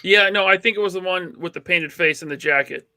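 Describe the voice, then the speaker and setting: A man's voice: high voice, fairly quick, sharp tone, clean tone, no room sound. A man co-hosting a casual podcast, opinionated and teasing, with lots of fillers. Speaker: podcast co-host. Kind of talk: casual chat.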